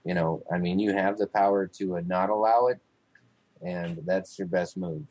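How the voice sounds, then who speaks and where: A man's voice: deep voice, fairly even intonation, moderate pace, a little mellow, no room sound, low-quality recording. A man in casual chat, rambling with lots of fillers and frequent swearing.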